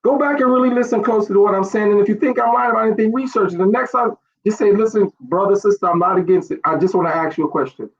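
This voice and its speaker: A man's voice: high-pitched, very fast, few pauses. A man preaching an online sermon, asking rhetorical questions and repeating phrases. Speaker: pastor. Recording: dull lo-fi stream audio.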